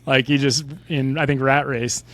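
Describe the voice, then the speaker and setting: A man's voice: mid-range voice, steady tone, moderate pace, fairly bright tone. A man in his forties with an American accent, a podcast guest telling his story in a casual, conversational way, often checking in with "right?". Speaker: podcast guest, retired Army pilot.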